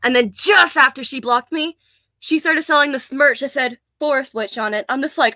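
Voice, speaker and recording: A woman's voice: high-pitched, moderate pace, pushed and bright, no room sound. An American woman ranting in a casual vlog, blunt, profane and sarcastic, often laughing. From United States. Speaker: vlogger.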